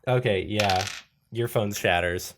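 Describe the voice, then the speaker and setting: A man's voice: on the low side, measured pace, noisy background. A man running a tabletop role-playing game as game master. He narrates loosely, swears, laughs, and breaks into sudden voices for the characters.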